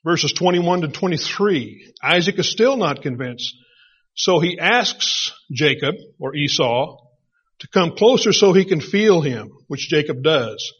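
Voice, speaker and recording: A middle-aged male pastor delivers a sermon in a chatty, storytelling manner. His voice is bright and somewhat high with a husky grain. The recording sounds dull and lo-fi. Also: a little slow. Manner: conversational storytelling, animated retelling.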